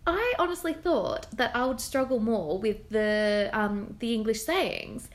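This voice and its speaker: A woman's voice: on the high side, lively intonation, unhurried. A young Australian woman co-hosting a casual chat show, bubbly and teasing, laughing often. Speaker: podcast co-host.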